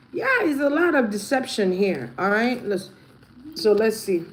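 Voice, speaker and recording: A woman's voice: mid-range voice, lively intonation, measured pace, slight background noise. A woman vlogger giving blunt, profane gossip commentary, often breaking into laughter. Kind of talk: casual commentary.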